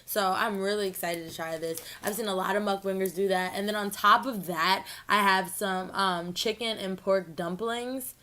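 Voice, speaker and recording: A woman's voice: medium pitch, fairly bright tone. A chatty young woman talks to her viewers as she eats. Her delivery is bubbly and casual, full of fillers and little exclamations. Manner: bubbly, chatty, lots of "like" and "ooh". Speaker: mukbang vlogger. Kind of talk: casual chat to camera while eating.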